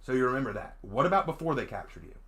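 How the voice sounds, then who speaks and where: A man's voice: mid-range voice, big pitch swings, very fast, fairly bright tone, voice pushed up. A man voicing a polite, earnest young man who stammers as he tries to reassure, in a visual novel reading. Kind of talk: visual novel read-aloud.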